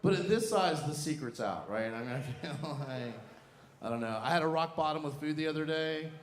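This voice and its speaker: A man's voice: lively intonation, brisk. A man performing a stand-up comedy set with a campy, sassy delivery. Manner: campy, sassy punchlines with high squealing voices for quoted lines. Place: comedy club stage. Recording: echoey club with audience noise. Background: audience laughter.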